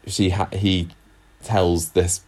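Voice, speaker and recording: A man's voice: deep voice, flat delivery, takes it slowly, a little mellow. A man co-hosting a podcast, chatting casually about an old TV soap with frequent fillers and restarts. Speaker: podcast co-host. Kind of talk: casual chat.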